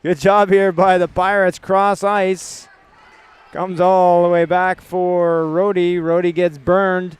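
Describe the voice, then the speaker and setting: Play-by-play hockey caller, male, from Canada, smooth tone. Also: high voice, level tone, no echo. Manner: rapid clipped puck-by-puck calls. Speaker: play-by-play commentator.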